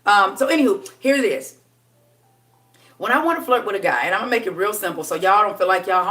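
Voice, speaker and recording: A woman coaching on dating in a casual live stream, chatty and sassy, laughing often and dipping into a low voice for effect. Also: animated, fast, fairly bright tone, distant mic.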